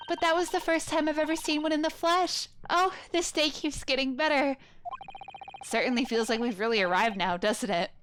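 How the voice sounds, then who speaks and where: A woman's voice: high-pitched, moderate pace, a bit bright, slight background noise, pitched above the performer's own voice. A woman voicing an earnest, polite young male lawyer, over game music. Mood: eager.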